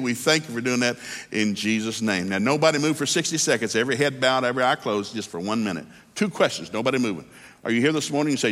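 Fast-talking folksy male preacher. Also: medium pitch, lively intonation, fairly bright tone. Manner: folksy storytelling, rising to fervent preaching. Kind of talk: sermon. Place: church hall. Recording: hall reverb.

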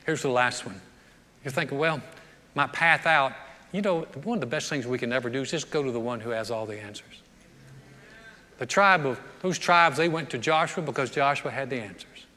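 A man, preaching a sermon, animated and joking, acting out the voices of the people in his stories. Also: mid-range voice, moderate pace. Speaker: pastor. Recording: long reverb of a large hall.

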